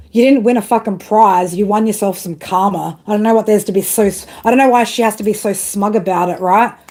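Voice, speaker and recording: A tarot reader with a medium-pitched, darkish voice does a reading on a live stream, chatting with viewers and ranting bluntly with heavy swearing.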